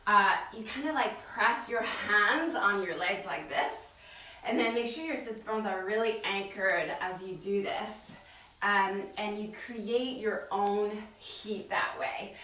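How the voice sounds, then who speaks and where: A woman teaching a live-streamed yoga class from her home studio, chatty and gentle, with many fillers. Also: medium pitch, takes it slowly. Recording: echoey room, voice from far off the mic.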